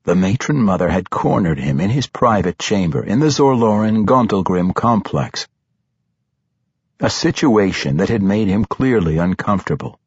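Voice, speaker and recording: A man narrating a fantasy audiobook in a steady, measured storytelling voice. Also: fairly low pitch, husky, no echo, lo-fi sound.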